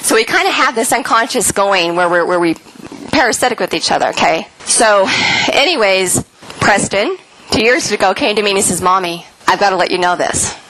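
A middle-aged woman speaks earnestly to an audience about spirit and energy, telling her stories animatedly. Her voice has a bright, forward ring. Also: mid-range voice, brisk, rough recording. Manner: earnest, animated storytelling, acts out quoted voices. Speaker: speaker and author.

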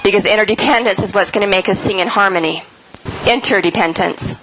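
A woman's voice: medium pitch, a little fast, background noise. A middle-aged woman, an author, giving an earnest spiritual talk to an audience and telling stories animatedly. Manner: earnest, animated storytelling, acts out quoted voices. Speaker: speaker and author.

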